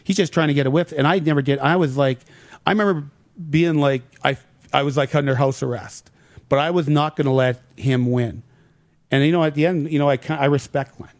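Middle-aged man telling lively anecdotes. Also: on the high side, a little fast, dry recording. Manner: animated anecdotes acting out quoted dialogue. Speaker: former pro hockey player, guest. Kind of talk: casual storytelling in an interview.

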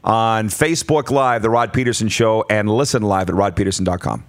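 Upbeat male sports radio host. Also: fairly low pitch. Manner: brisk, upbeat, chatty. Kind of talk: morning sports radio show.

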